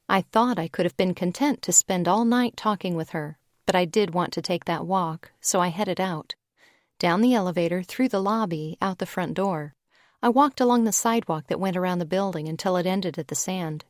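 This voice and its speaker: A woman narrating a young adult audiobook in the first person, relaxed and conversational. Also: lowish voice, moderate pace, no room sound, clean studio sound.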